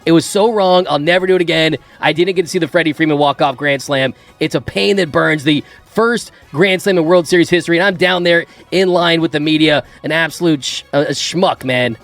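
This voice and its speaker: A middle-aged man hosting a sports talk show, telling lively stories in a casual, animated way. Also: a little fast, hardly any pauses, faint music behind. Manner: animated, acts out his own past outbursts in a higher voice. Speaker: sports podcast host. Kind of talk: casual storytelling chat.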